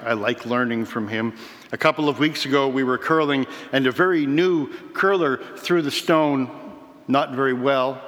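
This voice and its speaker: A man preaching a sermon in a measured, reflective way, with slow emphatic pauses. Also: mid-range voice, fairly bright tone. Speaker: pastor. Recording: reverberant hall.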